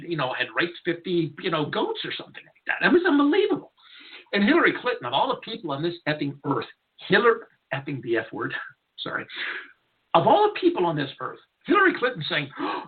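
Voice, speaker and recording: A man's voice: on the high side, huge pitch swings, a little fast. A man hosting a talk radio show, delivering a blunt, irreverent, rambling monologue from a studio. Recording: narrow tinny lo-fi audio.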